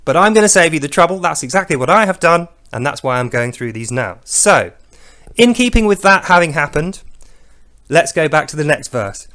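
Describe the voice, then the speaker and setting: A man giving sarcastic, mocking commentary to camera as a video commentator, breaking into loud comic voices for the quotes he acts out. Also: on the high side, very animated, moderate pace.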